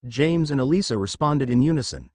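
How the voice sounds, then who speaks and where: A man reads a fan fiction story aloud with steady, lively storytelling, his pitch moving up and down a lot. The recording is dry and close, with no room sound. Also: brisk, no room sound. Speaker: narrator.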